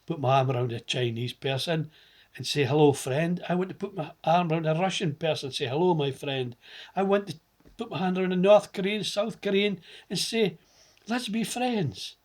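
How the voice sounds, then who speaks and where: A man's voice: sits high, a little mellow. Middle-aged Scottish man, passionate political rant, hammers words through repetition. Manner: ranting, repeats words for emphasis. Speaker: political commentator. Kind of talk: impassioned political monologue.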